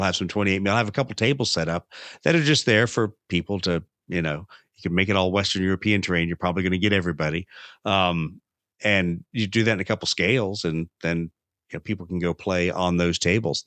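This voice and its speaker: A man's voice: low voice, quick pace, a bit bright, no echo. A man hosting a casual podcast chat, rambling and joking with plenty of fillers and restarts. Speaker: podcast host.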